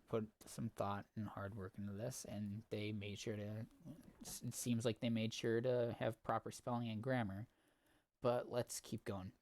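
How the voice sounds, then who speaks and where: A man's voice: mid-range voice, no room sound. Casual man reading fanfiction aloud, dry sound. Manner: casual and wry, many fillers between readings. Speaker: streamer host.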